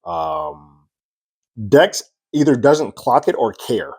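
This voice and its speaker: A man recapping a TV episode in a loose, chatty way, quickly acting out the characters' lines as he goes. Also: mid-range voice, big pitch swings, a little mellow, breathy edge, no echo. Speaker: TV recap reviewer. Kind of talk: casual recap monologue.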